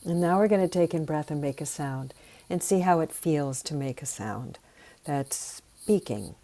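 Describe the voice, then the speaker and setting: A woman teaching sound healing, leading slow, soothing breathing and voice exercises. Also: low voice, expressive, dark tone.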